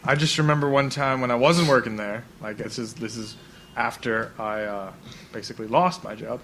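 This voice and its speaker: A man's voice: mid-range voice, steady tone, moderate pace, a bit bright, slight background noise. A young man co-hosting a casual chat, laid-back, chiming in with short agreements and telling stories with exaggerated voices. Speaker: podcast co-host.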